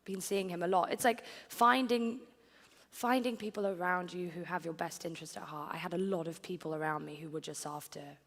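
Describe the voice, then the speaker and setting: Gravelly-voiced woman telling her story. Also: on the low side, fairly even intonation, fairly quick, fairly bright tone, in a large hall. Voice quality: chatty, filler-heavy confessional telling. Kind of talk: personal storytelling in an interview.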